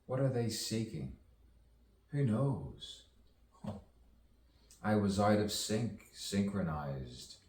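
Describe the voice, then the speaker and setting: Man, very deep voice, spoken-word soliloquy, rambling and repetitive, distant mic, echoey room. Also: big pitch swings, slow pace, pauses often, a little mellow, a little hiss or hum. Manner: rambling, musing, repeats phrases, talks to himself.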